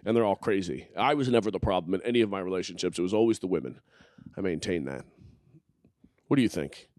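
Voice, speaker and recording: A man's voice: low voice, quick pace, darkish tone, dry recording, clean studio sound. Crude joking man podcasting at home. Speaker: podcast host. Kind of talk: casual podcast banter. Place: living room.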